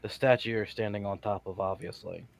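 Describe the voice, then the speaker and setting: A man's voice: on the low side, fairly even intonation, fairly quick, creaky. A man playing a tabletop game, asking blunt questions and swearing casually. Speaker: player.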